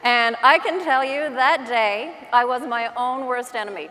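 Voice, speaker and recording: A woman with a Newfoundland accent talks to a large conference crowd in a chatty, self-deprecating way, telling stories as she goes. Her voice sits fairly high. The stage mic picks up a long reverb from the big hall. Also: a little slow, bright, forceful tone. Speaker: real estate agent giving a conference talk. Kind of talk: conference keynote talk.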